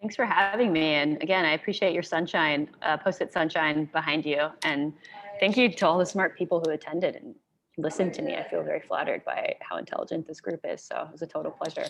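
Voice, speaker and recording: Woman, 30s, low voice, guest speaker, casual video-call Q&A, upbeat, "like" fillers. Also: steady tone, brisk, creaky, fairly bright tone, slight background noise. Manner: conversational and enthusiastic, sprinkles in "like".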